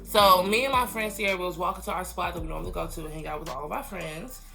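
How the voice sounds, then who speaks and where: Bright-voiced young man telling a story. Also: high-pitched, fast talker, gravelly, faint music behind. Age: late teens. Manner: chatty, many "like" fillers, acts out quoted friends. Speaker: vlogger. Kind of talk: casual storytime chat.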